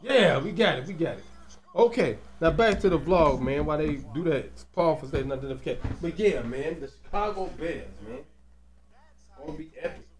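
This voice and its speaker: A man giving loose, slangy, excitable commentary over a basketball video game, peppering his talk with casual fillers. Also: on the high side, normal speed, roomy sound. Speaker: gaming commentator.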